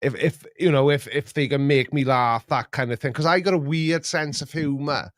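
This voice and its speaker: Rambling middle-aged live-stream host, dry mic. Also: male voice, on the high side, moderate pace, no room sound. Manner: rambling, chatty, chuckles at his own jokes. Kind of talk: casual live-stream chat.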